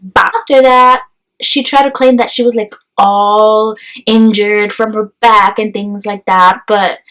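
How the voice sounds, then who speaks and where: A young woman telling a story in a casual vlog, chatty and animated, peppering her talk with "like". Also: medium pitch, a little slow, rough recording. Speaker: vlogger.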